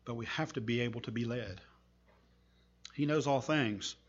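A man preacher giving a sermon, telling a story with earnest, slow, emphatic pauses. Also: medium pitch, slightly rough, lo-fi sound.

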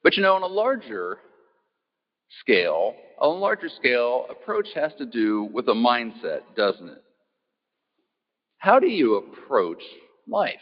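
A man gives an easygoing talk in a mid-range voice, asking the audience questions and poking gentle fun at himself. His voice carries a long hall reverb. The sound is a bit muffled and dull. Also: mid-range voice, sing-song, moderate pace. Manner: easygoing, self-deprecating, asks the audience questions. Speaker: speaker giving a talk. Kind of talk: folksy talk opening with a joke.

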